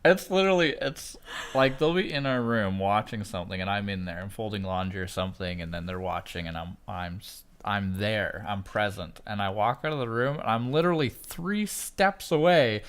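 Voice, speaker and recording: A man co-hosting a casual podcast, with a very low-pitched voice. He jokes and teases, and livens up when he tells stories about parenting. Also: normal speed, smooth. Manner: jokey, playful, animated when storytelling.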